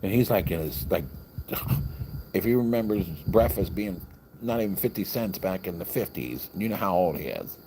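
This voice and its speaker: A man's voice: deep voice, animated, normal speed, background noise. A man telling a long story on a livestream in a loose, rambling way, acting out the lines of the people in it. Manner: rambling, chatty, acts out other people's lines. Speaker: vlogger. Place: hotel, with crickets outside.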